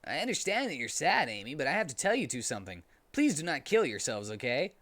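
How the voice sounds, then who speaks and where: An earnest, grieving mother, as a man plays her in a comedic dramatic reading, her voice lifted a little above his own. She speaks in slow, measured, mock-solemn phrases with lively rises and falls. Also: on the high side. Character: grieving gentle mother of a hedgehog.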